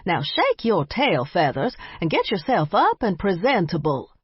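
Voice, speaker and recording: A woman's voice: fairly low pitch, huge pitch swings, a little slow, slightly rough, dry recording, full character voice. A woman voicing an older grandmother with a folksy, scolding, affectionate drawl, recorded a little muffled. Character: warm bossy Southern grandmother, older woman.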